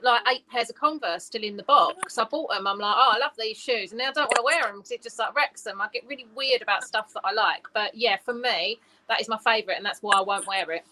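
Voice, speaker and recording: A woman chatting in an animated, self-mocking way, with a slightly high, very bright voice. A faint hiss sits under her recording. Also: quick pace, rough recording. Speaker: podcast co-host. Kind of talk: casual chat.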